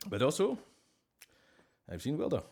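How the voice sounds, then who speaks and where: A man's voice: a little high, huge pitch swings, a little slow, gravelly, a little mellow, husky. A man, chatting casually on a live stream, reading chat and making playful, mock-grand pronouncements.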